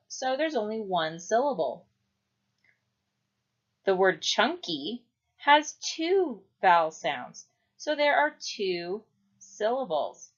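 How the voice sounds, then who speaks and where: Woman teacher, children's phonics lesson, slow and deliberate, lively pitch, dull lo-fi sound. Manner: slow, clear, stretching out syllables. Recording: dull lo-fi recording.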